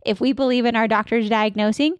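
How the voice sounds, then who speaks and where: A woman's voice: on the high side, steady tone, brisk, smooth, no echo, lo-fi sound. A woman consultant in her thirties, a podcast guest talking energetically and acting out staff and patient lines. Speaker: dental practice consultant.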